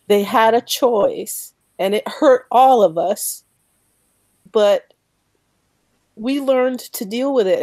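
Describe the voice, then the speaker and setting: Woman, slow and earnest, emotional, stumbling repeats, dry close sound. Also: medium pitch, mellow, no echo. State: emotional, near tears. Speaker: guest. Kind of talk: emotional faith talk on a podcast.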